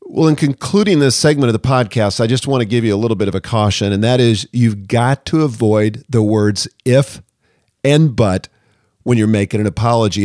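A man's voice: medium pitch, darkish tone, no room sound, clean studio sound. A man hosting a podcast, speaking in an earnest, direct way and acting out sample apologies. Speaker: podcast host. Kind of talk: conversational podcast advice.

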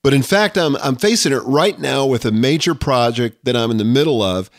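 A man's voice: medium pitch, animated, brisk, no room sound, clean studio sound. An older man hosting a podcast, speaking in an earnest, reflective scripted monologue. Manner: earnest, reflective, reads quotes aloud. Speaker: podcast host.

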